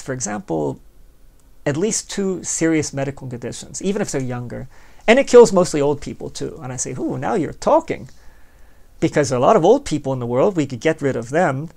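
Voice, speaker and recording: Fairly high in pitch, with vocal fry and a little mellowness, this man hosts a podcast. He talks straight to the listener in a rambling, sardonic, conversational philosophical monologue, taking both parts of an imagined exchange.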